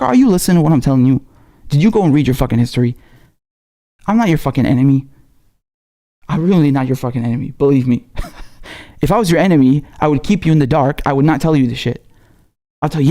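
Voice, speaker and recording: A man's voice: fairly high pitch, warm tone. A man hosting a political commentary show, ranting with heated passion and heavy swearing. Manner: heated, profane, rapid-fire ranting. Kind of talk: impassioned political rant.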